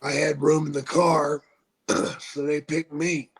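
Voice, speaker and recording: A man's voice: fairly high pitch, flat delivery. An older man, a retired wrestler, telling profane stories in a casual podcast chat. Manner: slow, gravelly, profane storytelling.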